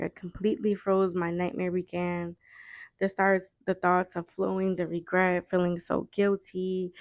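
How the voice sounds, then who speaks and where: A young woman with a low, gravelly voice tells a painful personal story. She talks in a halting way, repeating herself and filling gaps with fillers, her tone flat and heavy with grief. The sound is close and dry. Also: no room sound, muffled recording. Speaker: vlogger.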